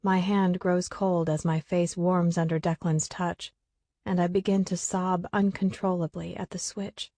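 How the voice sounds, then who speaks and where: A woman's voice: fairly low pitch, little pitch movement, measured pace, mellow, dry recording. A woman narrating a first-person audiobook with an emotional, tearful delivery.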